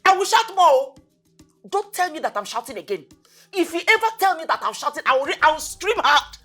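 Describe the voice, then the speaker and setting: A woman with a Nigerian accent playing a stern, preachy mother who scolds and shouts at her daughter in a film drama. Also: high-pitched, very animated, fast talker, soft background music, exaggerated voice. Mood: shouting.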